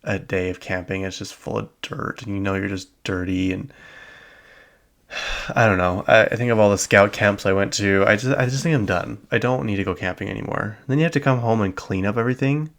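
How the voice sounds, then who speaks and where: A man's voice: lowish voice, steady tone, a little fast, gravelly, fairly bright tone. A young adult man hosting a solo podcast, chatting casually and rambling with lots of filler words and small laughs. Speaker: podcast host.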